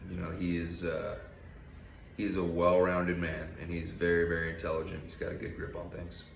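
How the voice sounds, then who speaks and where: A man's voice: sits low, monotone, normal speed, gravelly, roomy sound, a little hiss or hum. A man giving a casual, blunt and profane motivational rant on his channel. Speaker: vlogger.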